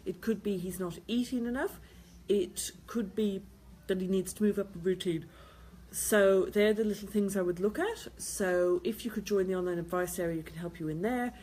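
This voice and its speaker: A woman's voice: mid-range voice, moderate pace, warm tone, a little hiss or hum. A woman host answering viewers' questions on baby sleep, giving practical advice and repeating key points. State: tired, yawning.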